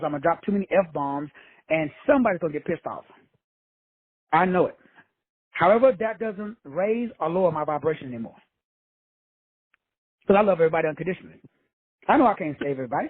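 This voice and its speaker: High husky man, preachy and tinny. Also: no echo. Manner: preachy, addresses listeners as brothers and sisters; casual, with frequent swearing. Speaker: self-help speaker. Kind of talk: motivational talk.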